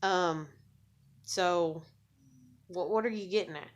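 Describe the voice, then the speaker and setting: A woman's voice: lowish voice, slow, pauses often. A woman venting in an angry, profane vlog monologue, blunt and bitter, often repeating words as she gets worked up. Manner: heavy swearing, bitter and blunt; repeats and restarts words when agitated. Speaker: vlogger. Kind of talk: angry ranting monologue to camera.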